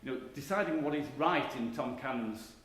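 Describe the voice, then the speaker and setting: A man's voice: medium pitch, animated, moderate pace, fairly bright tone. A middle-aged man giving a conference keynote lecture, talking in a conversational, emphatic way with frequent restarts. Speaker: keynote speaker, marketing professor. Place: conference hall. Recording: echoey hall recording with faint background noise.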